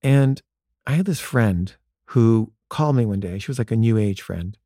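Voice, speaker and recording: A man's voice: medium pitch, lively intonation, moderate pace, mellow, no room sound, studio quality. A man telling a personal story in a loose conversational way, full of "like" fillers and acted-out bits of dialogue. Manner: conversational, frequent "like" fillers, acts out quoted dialogue.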